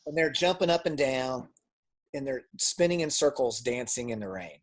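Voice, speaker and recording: A man's voice: medium pitch, moderate pace. Man telling a personal story. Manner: animated storytelling, acts out dialogue; repeats words when restarting. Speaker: guest speaker.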